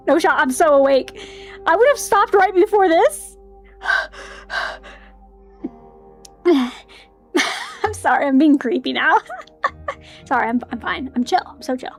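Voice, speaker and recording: A young woman streaming a game, chatting to herself with giggles, sighs and swearing. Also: sits high. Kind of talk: casual livestream commentary.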